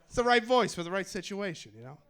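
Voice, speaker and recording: Young male stand-up comic, fairly high voice, wry and self-deprecating. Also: expressive, quick pace, fairly bright tone. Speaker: stand-up comedian. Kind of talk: stand-up comedy set. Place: comedy club stage in New York.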